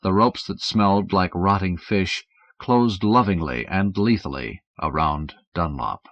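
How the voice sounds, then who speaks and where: Low-voiced man reading an audiobook. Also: unhurried, no echo. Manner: lively, expressive reading. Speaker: audiobook reader. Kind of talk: scripted narration. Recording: dull, dry 1970s audiobook recording.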